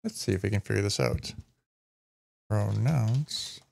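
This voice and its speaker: A man's voice: fairly low pitch, sing-song, fast talker, creaky, darkish tone. A man hosting a live stream, casually reading a news story aloud, rambling and stumbling over names, sometimes swearing. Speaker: streamer host.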